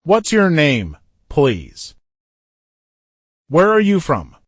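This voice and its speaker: A man reads short everyday phrases for language learners, and his fairly high voice moves up and down a lot as he goes. He gives each phrase once on its own, then again inside a fuller sentence, in a very dry, close recording. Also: wildly swooping pitch, extremely slow, dry recording. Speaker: English teacher. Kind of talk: reading example phrases for learners.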